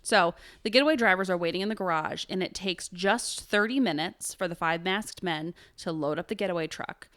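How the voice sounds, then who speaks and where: A woman's voice: on the low side, fairly bright tone. A woman co-hosting a casual true crime podcast, chatty and jokey, with lots of "um" and "like" as she reads quotes and figures from her notes. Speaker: podcast co-host telling a true crime story.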